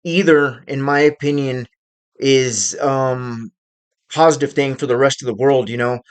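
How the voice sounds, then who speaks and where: A man hosting his own channel, giving casual, unscripted commentary on current events and pausing often to find his words. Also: medium pitch, fairly even intonation, smooth. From United States. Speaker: channel host.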